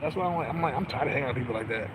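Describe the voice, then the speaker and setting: A man's voice: medium pitch, animated, rapid-fire, background noise. A man telling a story in a rambling, profane, casual rant full of filler phrases, speaking outdoors on a street. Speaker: vlogger.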